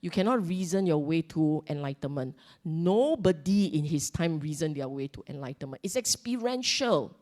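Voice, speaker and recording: A middle-aged woman with a Singaporean accent teaches a Buddhist Dhamma talk in a fairly low voice. She stresses and repeats her key points and keeps checking in with the listeners through questions. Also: lively intonation, moderate pace, darkish tone.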